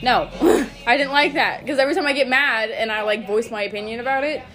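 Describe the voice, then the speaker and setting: A woman's voice: fairly high pitch, fairly even intonation, quick pace, bright, forceful tone. A young woman hosting a casual podcast, telling stories animatedly with frequent swearing and laughter. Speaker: podcast host. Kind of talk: casual chat.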